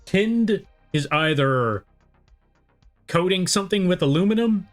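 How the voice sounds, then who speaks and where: A man's voice: high voice, lively intonation, unhurried, faint music behind. Rambling American man streaming his drawing. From United States. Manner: rambling, self-deprecating, chats with viewers. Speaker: art streamer. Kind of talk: casual live-stream chat while drawing.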